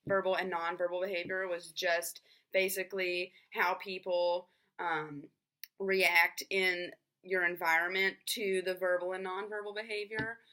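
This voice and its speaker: A woman's voice: on the low side, flat delivery, a little slow, pushed and bright. A young woman explaining a topic in a casual, chatty way, full of fillers like "um" and "like". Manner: filler-heavy, frequent "like" and "um". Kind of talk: casual spoken explanation to camera.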